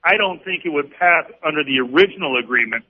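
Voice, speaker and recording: A man who is a congressman, answering a radio host firmly with practiced talking points and frequent pauses, heard over dull lo-fi broadcast audio. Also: a little high, animated, slight background noise. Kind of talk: political radio interview answers.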